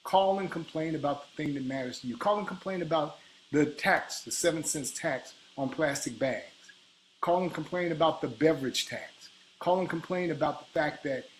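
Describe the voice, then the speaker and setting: A man's voice: fairly high pitch, normal speed, a little hiss or hum, low-quality recording. A man in his fifties from Chicago, delivering an indignant, combative political monologue as an activist.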